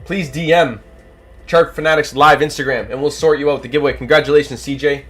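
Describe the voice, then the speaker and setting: A livestream host who is losing his voice, calling a giveaway race with animated, rapid play-by-play. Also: on the high side, husky. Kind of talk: excited duck-race commentary on a livestream.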